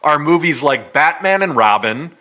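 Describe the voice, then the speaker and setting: Animated bright-voiced man arguing a point. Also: a little high, moderate pace. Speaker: podcast co-host. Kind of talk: casual chat.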